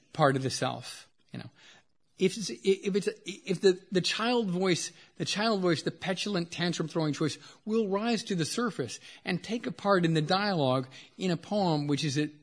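A man giving a lecture on poetry, talking in quick bursts that slow into trailing asides. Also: a little high. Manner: reading poems aloud with expressive dips in volume.

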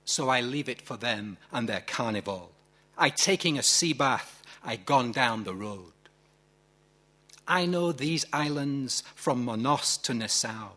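A man with a Yorkshire accent reading a poem in the voice of a mixed-race sailor-poet, in a slow, weighty recitation. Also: medium pitch, animated, pushed and bright. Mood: defiant. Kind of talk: poetry reading.

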